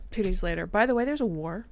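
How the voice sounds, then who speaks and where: A woman streamer chatting casually about her role-play character, rambling and laughing often. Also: mid-range voice.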